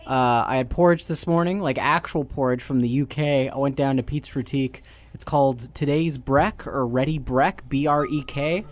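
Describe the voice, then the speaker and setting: A man's voice: medium pitch, moderate pace, faint music behind. A man from Canada co-hosting a podcast, chatting casually and rambling through jokes with lots of fillers. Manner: rambling, joking, trails off into fillers. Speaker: podcast co-host. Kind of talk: casual chat.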